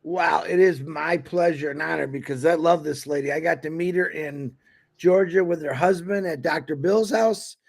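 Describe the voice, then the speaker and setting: A man's voice: a little high, moderate pace, creaky. A man co-hosting a live webcast, introducing a guest in an effusive, enthusiastic way over a video call. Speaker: co-host.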